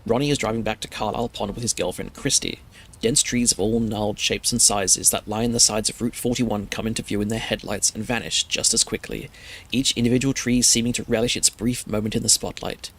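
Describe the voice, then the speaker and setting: A man streamer narrating a scary story in a steady, measured reading. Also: fairly low pitch, vocal fry.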